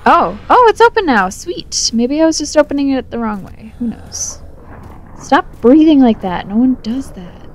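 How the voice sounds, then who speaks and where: A woman's voice: high-pitched, lively intonation, a little slow, darkish tone. A tipsy young woman chatting and swearing through a let's play, talking back to the game's character. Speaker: gamer. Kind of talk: casual drunk let's play commentary.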